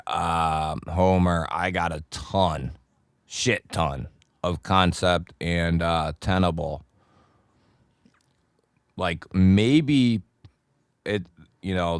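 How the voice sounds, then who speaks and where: Casting note: unhurried man with a deep, smooth voice, a chummy livestream host, dry close sound. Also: no room sound. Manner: greets chat viewers by nickname, laid-back and chummy. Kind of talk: casual live chat with viewers.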